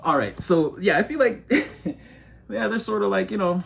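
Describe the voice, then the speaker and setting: A giggly, excitable man gives a casual tarot reading with a fairly high voice. He rambles on fast, keeps breaking into laughter, and calls himself a motor mouth. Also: vocal fry, slight background noise. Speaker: tarot reader.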